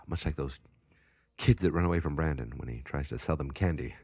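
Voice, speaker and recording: Rambling man with a very deep voice. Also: a little fast, a little mellow, slightly rough, dry recording, studio quality. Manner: rambling, jokey, self-deprecating. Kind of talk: casual wrestling predictions.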